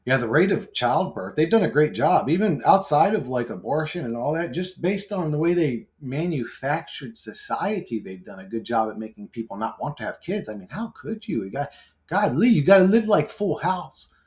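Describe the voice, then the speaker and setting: A man's voice: fairly high pitch, expressive, moderate pace, a little mellow. A man talking in a casual vlog monologue. He is brash, swears constantly, rambles and laughs often. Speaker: YouTuber.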